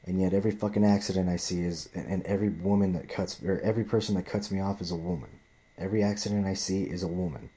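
A man's voice: low voice, fairly even intonation, fast talker, mellow. A man ranting in a profane, rambling monologue, often restarting and repeating himself.

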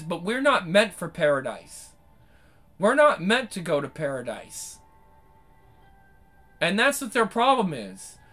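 A man's voice: high voice, a bit bright. A man giving rambling, profane opinion commentary, emphatic and repeating his points.

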